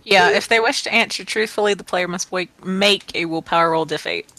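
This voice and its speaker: A woman's voice: brisk, bright, forceful tone, rough recording. A woman running a casual tabletop role-playing game as game master, narrating her characters and laughing often. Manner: giggly, breaks into high laughs, narrates in third person.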